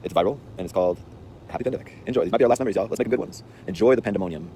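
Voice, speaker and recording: Rambling male vlogger, lowish voice, talk sped up hard, faint traffic around. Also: rapid-fire, dark tone. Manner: rambling and offhand, with slang and restarts. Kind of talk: casual rambling storytelling. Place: outdoors on a city street.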